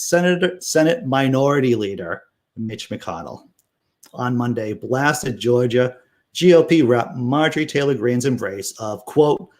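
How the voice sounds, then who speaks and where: A man's voice: medium pitch, unhurried. A man hosting a casual political commentary stream, reading news aloud with sarcastic asides and answering chat. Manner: sarcastic, animated, laughs while reading.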